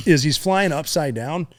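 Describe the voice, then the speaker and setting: Animated man telling a war story. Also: a little high. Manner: animated war storyteller, profane, acts out voices and sounds, laughs often. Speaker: podcast guest, former Navy SEAL. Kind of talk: casual storytelling interview.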